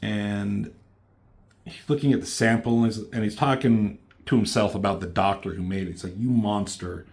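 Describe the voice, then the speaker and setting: This man's lowish voice is steady, a little mellow, and moves at a normal speed. He recaps and reviews a comic book in a relaxed, foul-mouthed way, lifting his voice slightly whenever he reads out a character's dialogue.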